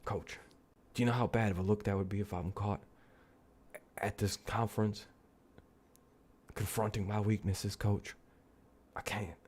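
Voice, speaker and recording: A man doing a hushed, sheepish football star. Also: fairly low pitch, level tone, normal speed, pauses often, husky. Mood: sheepish pleading. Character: nervous adult male football star pleading with coach.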